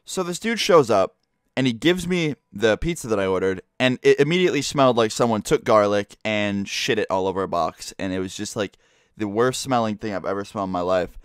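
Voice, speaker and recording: A man's voice: on the low side, expressive, brisk, clean tone, no room sound, clean studio sound. A teenage boy telling a casual storytime, rambling and profane, full of fillers. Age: teens.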